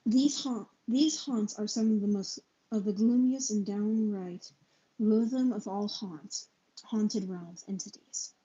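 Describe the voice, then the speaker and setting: A woman's voice: mid-range voice, warm tone. A young woman reading a book aloud on a live stream, stumbling over and spelling out hard words. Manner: halting reading with stumbles and self-corrections. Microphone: low-quality setup. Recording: dull lo-fi stream audio.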